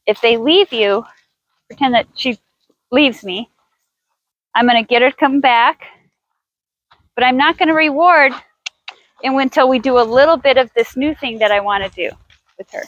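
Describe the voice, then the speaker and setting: A woman's voice: sits high, moderate pace, pauses often, a bit bright, dry recording, lo-fi sound. A woman horse trainer teaching outdoors in a riding arena, chatty and thinking aloud with restarts as she coaxes her horse.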